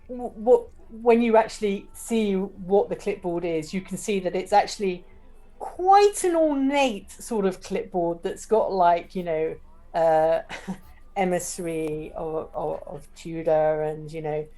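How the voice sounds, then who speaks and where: A woman chats through a tabletop game, tripping over and repeating her words. Her voice is dark and mellow. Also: fairly low pitch, slow. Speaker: player. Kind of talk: casual tabletop role-play.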